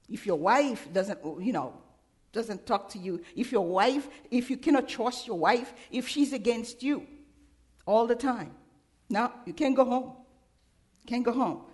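A woman preacher giving a sermon, questioning her congregation again and again. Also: fairly high pitch.

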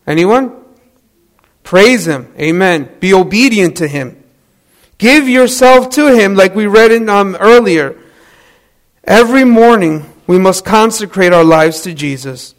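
A man with a notably high-pitched voice delivers a sermon. He tells it like a story, loose and conversational, tossing questions to the congregation and correcting himself mid-sentence. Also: animated, measured pace. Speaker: preacher.

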